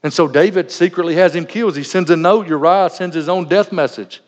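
A man's voice: high voice, brisk. Earnest male pastor in an echoey hall. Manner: earnest, conversational, with personal anecdotes. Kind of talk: sermon. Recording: dull lo-fi recording in a reverberant hall.

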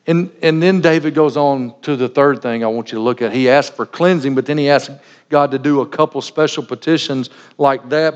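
Folksy and joking, a middle-aged male pastor with a mid-range, darkish voice preaches a sermon and acts out small everyday scenes. It's recorded in a large hall, dull-sounding with long reverb.

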